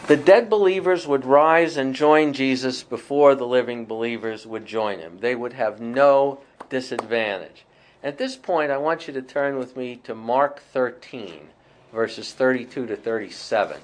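A man leads a small Bible study. He talks in an unhurried, thoughtful way, with plenty of "uh" and restarts as he works through the text. A soft hiss sits faintly under his voice. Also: mid-range voice. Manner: thoughtful, with many fillers and restarts.

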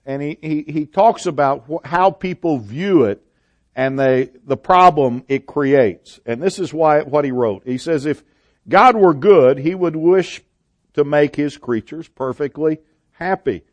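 A man preaching a sermon, reading scripture aloud with measured delivery and hesitant restarts. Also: a little high, no echo, highs cut off. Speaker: pastor.

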